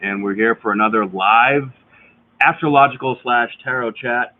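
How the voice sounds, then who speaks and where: Relaxed man explaining astrology over a thin line. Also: mid-range voice, moderate pace. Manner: relaxed, explains, laughs along. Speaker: astrology coach and co-host. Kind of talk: casual live chat. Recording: phone-like live stream audio, faint noise.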